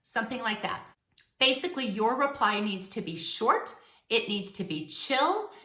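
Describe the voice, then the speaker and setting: A woman's voice: a little high, sing-song, moderate pace, pushed and bright. A woman giving relationship advice straight to camera in a casual, emphatic, coaching way. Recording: roomy echo.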